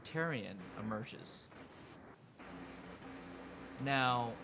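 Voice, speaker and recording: A man's voice: mid-range voice, expressive, very slow, background noise. A man running a tabletop game as game master, narrating in a loose, filler-heavy way.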